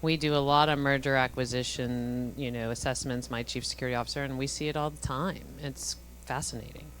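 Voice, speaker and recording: A woman with a strikingly low voice moderating a conference panel. She is brisk and hands the turns to the panelists, with faint noise behind her. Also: steady tone, poor audio. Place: conference stage.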